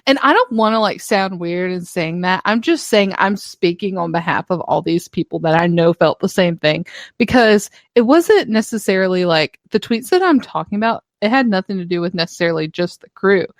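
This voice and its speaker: A woman's voice: fairly low pitch, expressive, moderate pace, no echo. Laid-back young woman, dry close sound. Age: 20s. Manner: laid-back, swears often, acts out her past self. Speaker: podcast co-host. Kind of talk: casual chat.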